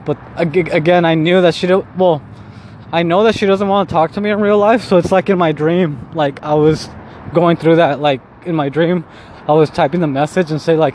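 A young vlogger with a slightly high, darkish voice talks at normal speed while walking through the city outdoors. His casual, rambling talk is self-mocking and full of swearing and laughter at himself, with faint street noise behind him.

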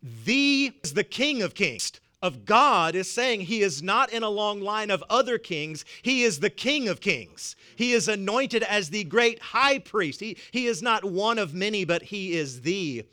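Bright, clear-voiced Southern US preacher man. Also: high voice, sing-song, unhurried, hardly any pauses. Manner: emphatic, repeats words, chuckles between points. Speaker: pastor. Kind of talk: sermon. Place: church.

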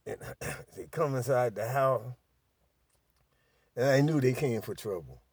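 An older man telling a profane story in casual chat, animated and laughing as he goes. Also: mid-range voice, measured pace, no room sound.

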